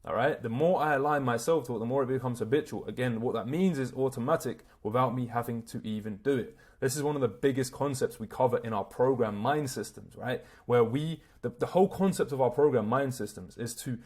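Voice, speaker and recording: Energetic man giving a pep talk. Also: mid-range voice, brisk, few pauses. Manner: energetic, swearing, casual slang. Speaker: self-improvement coach. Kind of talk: motivational talk to camera.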